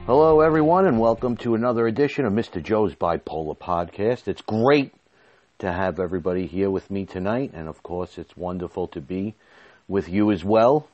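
A man's voice: low-pitched, lively intonation, normal speed, muffled recording, faint music behind. A man hosting his own podcast, talking candidly and rambling with restarts, a little out of breath. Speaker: podcast host. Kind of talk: personal podcast monologue.

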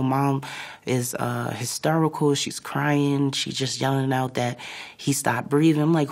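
A woman giving a personal testimony in an interview, speaking in a quiet, halting way. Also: extremely low pitch, fairly even intonation, gravelly. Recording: music underneath. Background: music.

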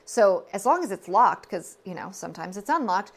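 A woman's voice: medium pitch, big pitch swings, normal speed. A woman, telling a personal story on her podcast in an earnest, confiding way, full of asides and self-corrections. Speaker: podcast host.

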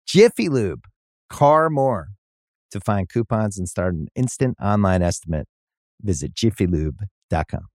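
A man's voice: lowish voice, animated, a little slow, darkish tone, no room sound, clean studio sound. A man reading a sponsor ad in a conversational, personal way. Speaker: ad reader. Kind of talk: host-read ad.

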